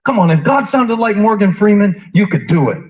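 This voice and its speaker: A preacher whose voice sits high for a man, delivering a chatty sermon. He draws the congregation in with questions and jokes, then drops soft before climbing again. The recording sounds muffled and lo-fi. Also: expressive, fairly quick, slight background noise. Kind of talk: conversational sermon. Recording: dull lo-fi sound.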